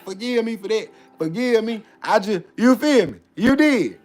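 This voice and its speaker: Guy on a vlog rant, kinda high voice, goes loud then mutters to himself, keeps saying you know what i'm saying, faint music behind. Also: animated, normal speed. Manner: swings between loud preaching and muttered asides. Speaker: vlogger. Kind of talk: casual preachy monologue.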